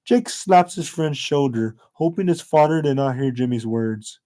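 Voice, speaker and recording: A man narrating a fan-made story in a plain, slightly halting reading voice. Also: medium pitch, lively intonation, warm tone.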